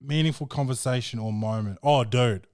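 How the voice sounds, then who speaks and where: In a clean, dry studio recording, a man with a medium-pitched, slightly mellow voice speaks at normal speed. He's a podcast host telling crude, rambling, profane stories in casual chat, peppering them with "bro."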